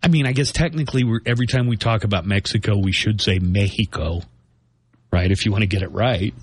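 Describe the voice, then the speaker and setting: A man's voice: on the low side, fast talker, slightly rough. A man co-hosting a casual chat show, talking things through aloud and tossing rhetorical questions to his co-hosts.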